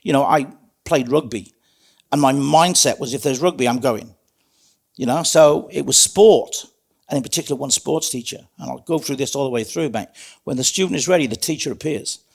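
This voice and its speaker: With a creaky, mid-range voice at a normal pace, a middle-aged man from South Wales shares his life story as an interview guest. He's earnest and plain-spoken and keeps calling the host "mate."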